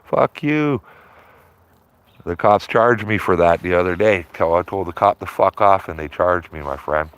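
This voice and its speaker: Deep-voiced man rambling on a riverside stream. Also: moderate pace, few pauses, a bit bright, muffled recording. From Canada. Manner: rambling, repeats himself, tags phrases with "man". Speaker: livestreaming auditor. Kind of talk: casual outdoor livestream chat. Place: outdoors by a river.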